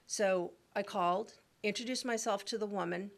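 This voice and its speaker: A middle-aged woman on a talk show, telling stories in a lively, chatty way. She acts out the people in her anecdotes with different voices, in an easy, conversational manner. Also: medium pitch, brisk, few pauses. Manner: animated storyteller who acts out voices. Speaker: guest, real estate agent. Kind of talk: casual interview storytelling.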